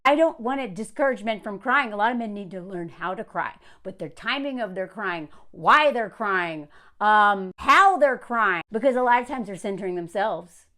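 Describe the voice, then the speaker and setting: A woman's voice: a little high, fairly bright tone. A woman giving an opinionated commentary rant to camera in a sarcastic, scornful way. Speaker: commentary vlogger.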